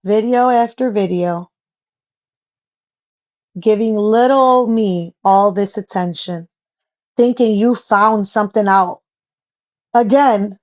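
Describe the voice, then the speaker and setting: A woman's voice: a little high, darkish tone, lo-fi sound. Blunt, profane woman ranting on a vlog. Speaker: social media vlogger.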